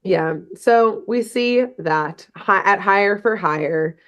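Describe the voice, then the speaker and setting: A woman's voice: mid-range voice, takes it slowly, fairly bright tone, dull audio. Rambling woman recapping a cartoon. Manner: rambling, full of "like" and fillers; laughs at her own jokes. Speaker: podcast co-host recapping a cartoon episode. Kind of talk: casual chat.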